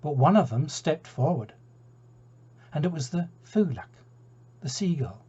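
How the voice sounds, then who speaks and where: A Scottish man telling a folk tale in a relaxed, chatty way, turning aside to his listeners. His voice is mellow and a little husky, and the recording sounds dull and lo-fi. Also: fairly high pitch, unhurried. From Scotland. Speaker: storyteller.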